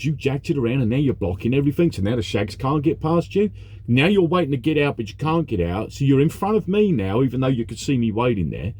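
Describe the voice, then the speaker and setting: A man's voice: on the low side, darkish tone. A man, a truck driver talking straight to the camera and recounting a frustrating day, ranting and swearing as he goes. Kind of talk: casual monologue recounting a workday.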